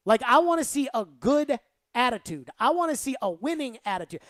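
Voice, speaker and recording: A woman's voice: high-pitched, very animated, a little fast, fairly bright tone, no echo. A woman hosting sports talk radio, giving rambling, emphatic opinions and saying "like" a lot.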